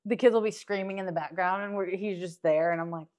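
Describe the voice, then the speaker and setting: A woman in her thirties in casual podcast chat, lively, quick to chime in and laugh. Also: lowish voice. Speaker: podcast co-host, married to a host.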